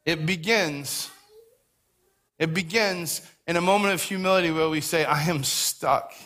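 A man preaching a lively sermon as pastor, acting out quoted voices and repeating words for emphasis. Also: high-pitched, moderate pace.

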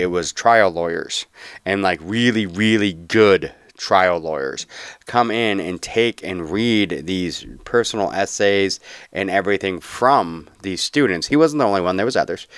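Low-voiced chatty man. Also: fairly bright tone, clean tone, no room sound, clean studio sound. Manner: loose and chatty, with many ums and restarts. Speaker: podcast host. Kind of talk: casual podcast narration.

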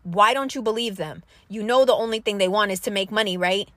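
A woman's voice: medium pitch, brisk, fairly bright tone, no echo. A woman delivering a blunt, heavily profane and confrontational political rant at her audience.

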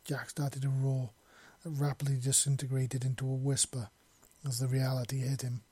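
A man reading a war story aloud, narrating and voicing the dialogue, shouting in the grief scenes. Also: mid-range voice, completely flat delivery, moderate pace, husky.

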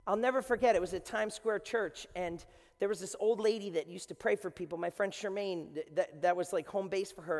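A man preaching a sermon with passion, building up to shouts. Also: very high-pitched, in a large hall.

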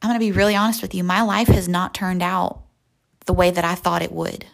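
A young woman hosting a devotional podcast, slowly and softly guiding a visualization, sometimes dropping to a whisper. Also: lowish voice, fairly even intonation, creaky. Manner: slow, soft and reflective, often near a whisper. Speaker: podcast host. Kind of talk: guided visualization and devotional talk.

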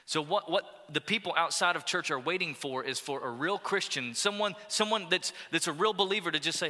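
A man preaching a sermon as pastor, energetic and urging, with call-and-response asides to the congregation. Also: on the high side, fairly quick, hardly any pauses, in a large hall. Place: church auditorium.

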